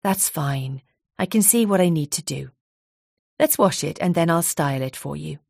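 A gentle hairdresser speaks calmly and kindly, voiced by a woman narrator. Her voice sits a little low. The recording is dry and close. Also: moderate pace, creaky, no echo, heavily acted. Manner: gentle, steady, reassuring. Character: kind, careful woman hairdresser.

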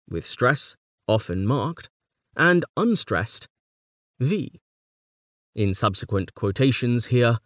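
Man, measured textbook reading, very slow, lively pitch, dry sound. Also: no room sound. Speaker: reader of a poetry textbook. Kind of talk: audiobook reading of a poetry textbook.

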